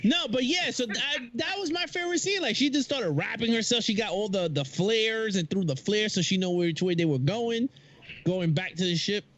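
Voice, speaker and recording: A man's voice: high-pitched, normal speed, no echo, highs cut off. A man chatting casually about movies on a video call, loose and rambling, acting out scenes and sound effects. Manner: animated, acts out movie lines and sounds; loose and rambling, with many restarts. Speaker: podcast guest.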